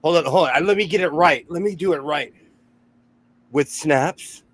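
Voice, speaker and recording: A man hosting a casual sewing chat, excitable and teasing, repeating himself for laughs. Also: a little high, normal speed. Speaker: host.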